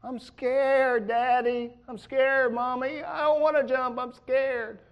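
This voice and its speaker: A man's voice: very high-pitched, flat delivery, slow, smooth, dull audio, voice pushed up, exaggerated voice. A man voicing a frightened small child at the poolside, pleading and whiny. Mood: scared.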